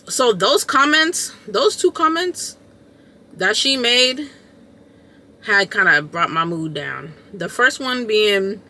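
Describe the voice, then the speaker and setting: Her storytime vlog comes across animated and emphatic as this woman content creator talks in casual slang, repeating points to drive them home. She has a mid-range voice and a slow pace.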